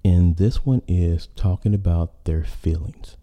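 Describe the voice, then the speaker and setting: A man's voice: low-pitched, fairly even intonation, measured pace, highs cut off. A man hosting a podcast, talking in a rambling casual monologue full of fillers and restarts. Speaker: podcast host.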